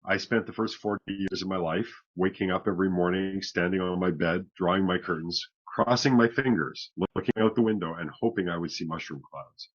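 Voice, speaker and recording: A man's voice: sits low, brisk, few pauses, highs cut off. A middle-aged man from Canada, a podcast guest, telling his own story frankly with wry, self-deprecating humor. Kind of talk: candid personal storytelling.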